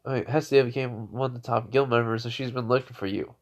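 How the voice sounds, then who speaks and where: A man's voice: medium pitch, fairly even intonation, fast talker, natural voice. A young man voicing a friendly young male adventurer who talks in an easygoing, chatty way, near his own voice.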